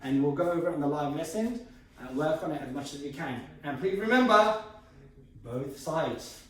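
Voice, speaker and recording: A man's voice: on the high side, animated, moderate pace. A man teaching a martial arts technique, explaining step by step while he demonstrates. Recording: echoey room from far off, faint noise.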